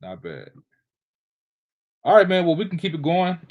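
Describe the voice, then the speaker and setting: A man's voice: sits high, big pitch swings, moderate pace, phone-quality sound. A man hosting a movie podcast, talking bluntly and casually, swearing and saying bro. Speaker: podcast host. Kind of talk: casual chat.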